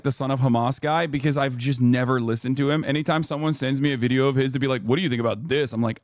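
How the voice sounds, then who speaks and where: A man's voice: medium pitch, fairly even intonation, fast, few pauses, no echo, studio quality. A man streaming, reacting to a video with sarcastic, profane, mocking commentary.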